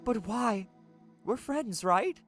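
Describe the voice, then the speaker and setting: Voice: medium pitch, lively intonation, slow, soft background music, voice pushed up. A streamer reading out the lines of a teenage girl who leads a club and is weighed down by guilt, in an earnest, self-reproaching voice. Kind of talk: reading visual novel dialogue aloud.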